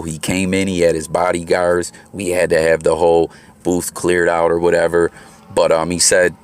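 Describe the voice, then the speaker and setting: A man's voice: sits low, steady tone, normal speed. A man hosting his own channel, giving laid-back, slangy commentary while out moving around. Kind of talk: casual commentary. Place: outdoors on the move.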